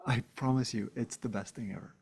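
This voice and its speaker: A man's voice: mid-range voice, fairly even intonation, fairly quick, creaky, darkish tone, a little hiss or hum. Male vlogger, earnest heartfelt monologue, emphatic, medium voice. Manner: earnest, emphatic, addresses viewers directly. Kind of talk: casual heartfelt monologue to camera.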